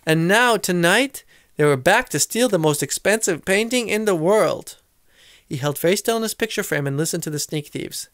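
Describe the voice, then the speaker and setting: Storybook reader, a man with a high voice, dry close recording, lively character voices. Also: moderate pace, dry recording. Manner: expressive, shifting voices for characters. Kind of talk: storybook read-aloud.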